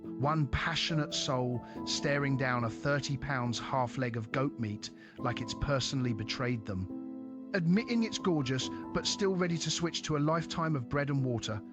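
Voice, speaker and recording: A man's voice: medium pitch, expressive, normal speed, over music. A man narrating a compilation from a script in a sardonic, wry tone.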